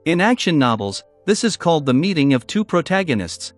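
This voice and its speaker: A man reading a fantasy light novel aloud as scripted narration, with an expressive delivery. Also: fairly high pitch, brisk, faint music behind. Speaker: audiobook narrator.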